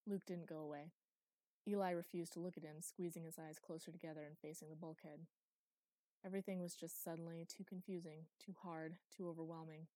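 A woman narrating an audiobook in an even, quiet reading voice on a close mic. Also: low voice, brisk, dry recording. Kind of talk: scripted narration.

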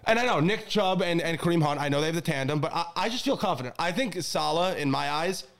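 Man, fired-up sports rant, higher-pitched, shouting outbursts. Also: expressive, fast talker, creaky. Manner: gets worked up and shouts in rants. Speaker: podcast co-host. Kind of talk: casual sports chat.

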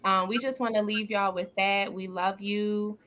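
Brief: upbeat woman podcast host, bright tone, earnest faith chat, quick laughs. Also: mid-range voice, steady tone. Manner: upbeat, earnest, laughs often, many fillers.

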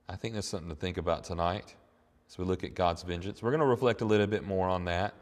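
A man's voice: low voice, fast talker. Earnest preacher man, echoing room. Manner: earnest, rises to emphatic peaks, then drops to quiet reflection. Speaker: pastor. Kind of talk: sermon.

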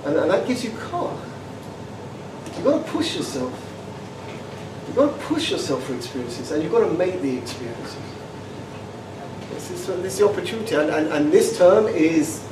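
Man with a high voice, animated and stammering speaker telling funny stories to students, recorded from afar in a reverberant room with noise behind. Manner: animated, stammering repetitions, laughs often. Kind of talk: informal talk with humorous anecdotes. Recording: echoey room, distant mic, background noise.

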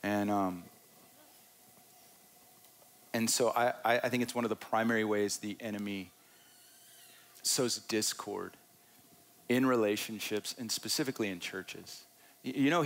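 A man pastor delivering a sermon from a church stage, earnest and repeating key phrases for emphasis. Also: on the low side.

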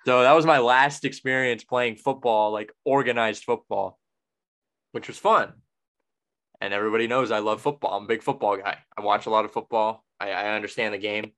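A man's voice: on the low side, fairly even intonation, moderate pace, fairly bright tone. A young man hosting a podcast, chatting casually and telling a rambling story full of restarts and self-corrections. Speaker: podcast host.

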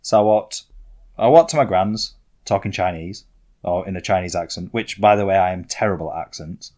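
A man's voice: deep voice, a little fast, darkish tone. A young man, telling rambling, self-mocking stories as a podcast co-host. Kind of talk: casual storytelling chat.

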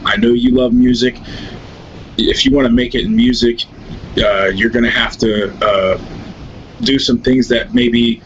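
A man voicing a towering, calm male devil tempter who speaks slowly and persuasively, in a low voice. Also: dull audio, slight background noise, close to an everyday voice. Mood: coaxing.

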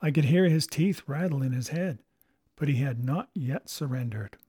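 A man narrates an adventure novel in a steady storytelling manner. His voice sits a bit high for a man. The recording is dry and close. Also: normal speed, husky, dry recording. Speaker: audiobook narrator. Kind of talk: scripted narration.

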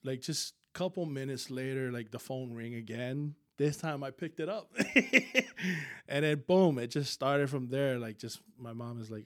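Man, podcast guest, casual storytelling, slangy, frequent laughs, stop-start phrasing, mid pitch. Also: a little slow, a bit bright. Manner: slangy, laughs often, trails off in restarts.

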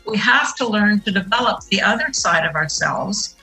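Bright-voiced middle-aged woman explaining earnestly. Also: medium pitch, expressive, moderate pace, faint music behind, rough recording. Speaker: guest. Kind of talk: interview answer.

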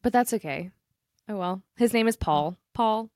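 A young woman co-hosts a casual podcast, rambling through a story and cutting herself off mid-sentence. Her pitch sits in a middle range. The recording is dry and close, with no room sound. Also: expressive, a little mellow, no echo. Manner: rambling, self-interrupting storyteller with quick laughs. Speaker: podcast co-host. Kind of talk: casual chat.

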